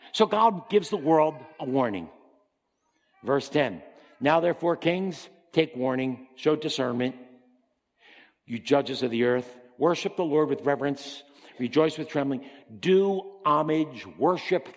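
A man preaching a sermon in an emphatic style, climbing to high, excited peaks and then dropping low. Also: measured pace, in a large hall.

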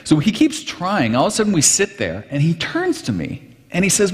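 A pastor tells a story during a sermon in a conversational, animated manner. His fairly high voice rises and falls a great deal, and he often restarts his sentences. A long reverb fills the large hall around him. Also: moderate pace, few pauses.

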